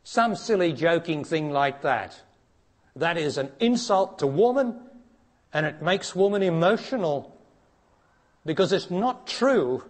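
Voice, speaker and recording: A man giving a spiritual talk to an audience, blunt and challenging, dropping to hushed tones and then rising to emphatic ones. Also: expressive, unhurried. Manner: blunt, challenging, preacher-like, asks direct questions; swings between hushed low passages and raised emphatic ones. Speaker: spiritual teacher.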